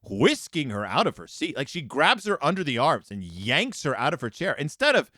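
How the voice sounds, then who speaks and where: A man's voice: fairly high pitch, moderate pace, dry recording, studio quality. A middle-aged man hosting a podcast, reading lines from a picture book and commenting on them, acting out the quotes in different voices. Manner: animated, acts out quoted lines in changing voices. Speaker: podcast host.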